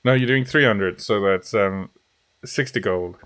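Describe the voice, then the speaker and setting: A man's voice: on the low side, measured pace, a bit bright, no room sound. A man running a tabletop game as game master, casual and playful, often stopping to correct himself. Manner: rambling, self-correcting, playful.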